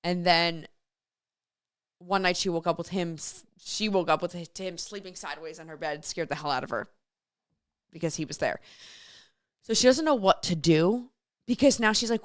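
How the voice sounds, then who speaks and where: A woman's voice: on the low side, normal speed, long pauses, no echo. Woman radio host chatting away solo, storytelling and reading messages, dry studio sound. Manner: chatty storytelling, reads listener messages aloud. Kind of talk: casual solo radio chat.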